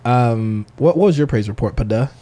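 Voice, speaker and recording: A man's voice: medium pitch, animated, moderate pace, warm tone. A man co-hosting a podcast in casual chat, joking and playful. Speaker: podcast co-host.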